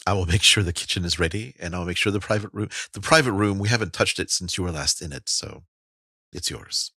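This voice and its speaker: Man doing a flustered innkeeper, tabletop role-play, hurried, fumbling, low bright voice. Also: slightly rough, no echo, full character voice. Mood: eager. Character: flustered, eager male innkeeper.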